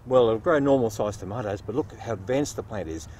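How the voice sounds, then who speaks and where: A man's voice: lowish voice, fast talker, darkish tone, a little hiss or hum. A nurseryman patiently explaining tomato growing outdoors at his nursery, playing the straight man. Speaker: nurseryman host. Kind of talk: casual gardening demonstration.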